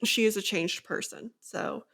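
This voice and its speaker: A woman's voice: medium pitch, a little slow. A woman co-hosting a book chat, retelling a fantasy plot in a long, eager run of events. She leans on "like" and "so" as she goes, in an easy and unscripted way. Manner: animated plot recap, many "like" fillers. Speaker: book podcast co-host. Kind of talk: casual book discussion.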